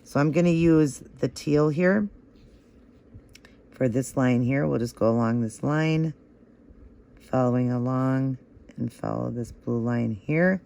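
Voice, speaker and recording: A man's voice: mid-range voice, slow pace, vocal fry, pauses often, dark tone. A man hosting a nail art tutorial, talking through each step in a chatty, encouraging way and gushing over how the results look.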